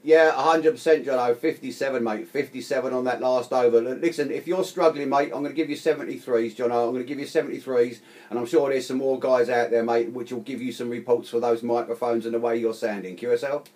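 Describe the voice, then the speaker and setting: A man's voice: mid-range voice, steady tone, fast talker, a little mellow. A man chatting casually on amateur radio, friendly, calling the other man mate again and again. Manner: chatty, says mate constantly.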